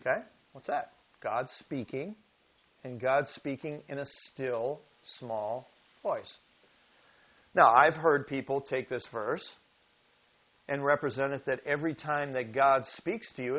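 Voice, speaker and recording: Slow-paced preacher man, lo-fi sound. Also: medium pitch. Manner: teaching from scripture, asking the listeners questions; reads verses slowly and with emphasis. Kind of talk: sermon. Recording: dull lo-fi recording.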